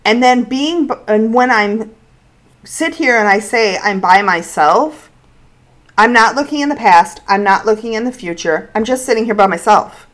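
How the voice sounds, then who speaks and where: A woman's voice: on the high side, moderate pace, fairly bright tone. A woman co-hosting a podcast, speaking candidly and personally about her own life in casual chat. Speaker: podcast co-host.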